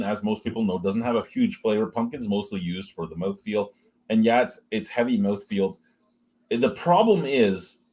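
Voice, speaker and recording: Here the man has a husky voice of medium pitch. He hosts an informal beer review, joking and swearing a lot as he chats his way through the smells and flavors.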